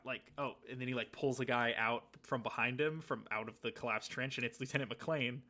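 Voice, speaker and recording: A man co-hosting a laid-back podcast, his voice bright and forceful at a middling pitch. He rambles through stories and breaks into little acted-out quotes. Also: fairly even intonation, fast, few pauses. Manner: rambling storytelling, acts out quoted lines. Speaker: podcast co-host. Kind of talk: casual chat.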